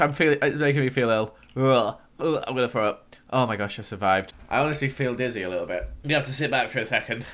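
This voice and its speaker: A young man giving excitable let's-play commentary, gasping and squealing when startled. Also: medium pitch, quick pace. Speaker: gaming YouTuber.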